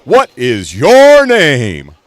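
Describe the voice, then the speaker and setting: A man putting on the voice of a booming game show host, with a loud, slow, drawn-out announcer delivery. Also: wildly swooping pitch, no echo, full character voice.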